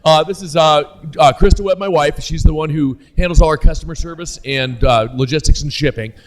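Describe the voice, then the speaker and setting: Middle-aged male publisher, slightly high voice, joking and loose. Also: brisk, slight background noise, rough recording. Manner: jokey, introduces people in a loose rambling way. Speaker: game publisher. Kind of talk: casual convention interview. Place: busy convention floor.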